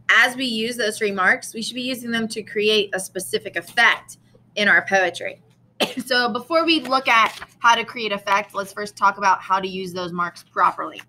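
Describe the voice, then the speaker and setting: A woman teacher gives a recorded lesson casually, with frequent ums, restarts and the occasional cough. Her medium-pitched voice is bright and forceful, though the recording quality is low.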